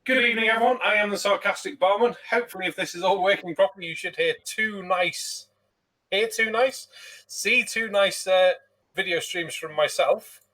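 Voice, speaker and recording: A man's voice: sits high, moderate pace, bright, forceful tone, recorded from a distance. A man hosting a casual live stream, chatty and jokey, swearing freely, a few pints in. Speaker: streamer host.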